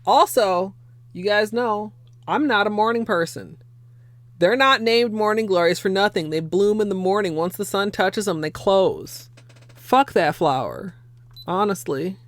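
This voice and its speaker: A woman's voice: mid-range voice, a little slow, no echo. A young woman casually chatting on a livestream while painting her nails, swearing freely and laughing often. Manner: chatty and profane, laughs often, thanks viewers. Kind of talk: casual livestream chat while doing a manicure.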